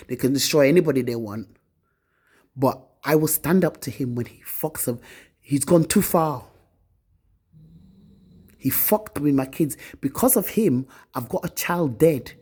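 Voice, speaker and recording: A woman's voice: deep voice, mellow, husky. A woman vlogger ranting to her phone camera, bitter and accusing, swearing often. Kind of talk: angry personal rant to camera.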